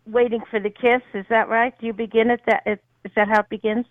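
A woman's voice: fairly high pitch, little pitch movement, fast talker, dry recording, phone-quality sound. A woman co-hosting an interview, asking curious, effusive questions. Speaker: co-host. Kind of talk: casual interview.

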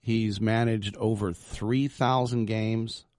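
A man's voice: lowish voice, steady tone, takes it slowly, darkish tone, no room sound, studio quality. A man hosting a sports radio show, talking casually in a rambling, jokey way with lots of fillers. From San Francisco Bay Area, US.

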